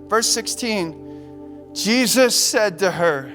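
A male pastor delivers an impassioned sermon in a high-pitched voice. He stumbles over and repeats words as he drives his points home. Faint music plays softly beneath him. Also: a little slow.

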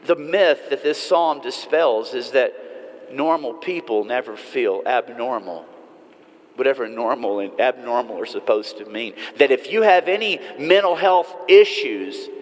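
A man's voice: mid-range voice, expressive, measured pace. Earnest male preacher in a reverberant hall. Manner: earnest, varies pace and loudness for emphasis. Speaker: pastor. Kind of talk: sermon.

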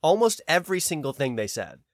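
A man co-hosting a podcast in casual chat, ranting and swearing freely, animated. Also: fairly high pitch, fairly quick, no room sound, clean studio sound. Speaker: podcast co-host.

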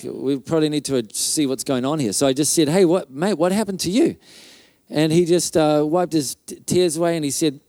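A male pastor preaches at a conference, telling a story in a loose, chatty way. He fills his telling with restarts and little mouth sound effects. His voice sits a bit high, and the sound is dry and close. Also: darkish tone, no room sound.

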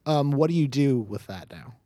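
A game master narrating a tabletop game in a loose, rambling way, circling back and restarting sentences. The voice sits at a middling pitch. The recording is dry, with no room sound. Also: expressive, moderate pace, mellow, dry recording. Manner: rambling, full of fillers and restarts.

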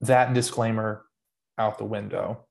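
A man's voice: fairly low pitch, flat delivery, measured pace, vocal fry. A man co-hosting a podcast, explaining his view in casual, earnest, rambling talk with restarts. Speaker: podcast co-host. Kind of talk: casual theological discussion.

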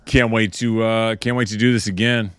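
A man's voice: on the low side, fairly even intonation, moderate pace, fairly bright tone, clear, resonant tone, no room sound. A man hosting a podcast, making dry, wry remarks in casual chat. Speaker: podcast host.

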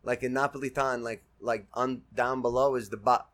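A man's voice: mid-range voice, fairly even intonation, normal speed, fairly bright tone. A man, a filmmaker guest on a podcast, chatting in a laid-back way with lots of agreeing "yeah, yeah.". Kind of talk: casual chat.

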